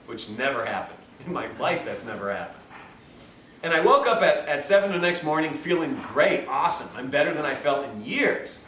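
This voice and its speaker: Guy lecturing, tells stories casual-like, bit of a high voice, recorded far off with faint hiss. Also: sharp tone, roomy sound. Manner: conversational, acts out quoted dialogue. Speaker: health lecturer. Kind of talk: lecture with personal storytelling. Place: lecture room at a health institute.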